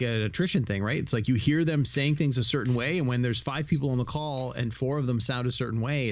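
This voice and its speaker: A man's voice: medium pitch, dry recording. A middle-aged man co-hosting a podcast, speaking in a thoughtful, hesitant way with frequent restarts. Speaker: podcast co-host. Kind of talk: casual movie-review chat.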